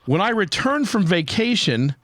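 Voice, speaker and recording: Podcast host guy, cursing constantly, bit higher voice, rambling. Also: big pitch swings, moderate pace, fairly bright tone, no echo. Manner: profane, rambling storyteller. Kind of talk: casual chat.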